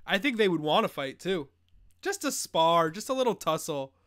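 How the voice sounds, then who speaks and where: High, bright-voiced joking male host. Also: big pitch swings, moderate pace. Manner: loose, joking banter reading chat questions. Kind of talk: live fantasy football advice stream.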